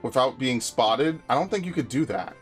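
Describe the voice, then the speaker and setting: A man's voice: medium pitch, expressive, moderate pace, soft background music. A man streaming a video game, chatting casually in a rambling, frustrated way, swearing often and restarting his sentences. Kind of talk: casual live-stream chat while playing.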